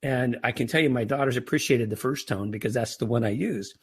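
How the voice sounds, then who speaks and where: Husky-voiced man, stumbling restarts. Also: mid-range voice, brisk. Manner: frequent restarts and stammered repeats. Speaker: podcast guest, author. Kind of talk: casual interview talk.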